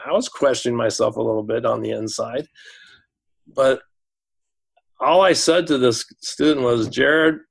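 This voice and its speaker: In an interview, a school administrator relates a lengthy story, stumbling and repeating himself along the way. He has a gravelly, mid-range voice.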